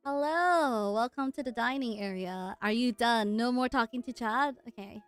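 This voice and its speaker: A woman's voice: fairly high pitch, normal speed, smooth, no echo, soft background music. A woman running a murder mystery tabletop game as game master, laughing often as she talks.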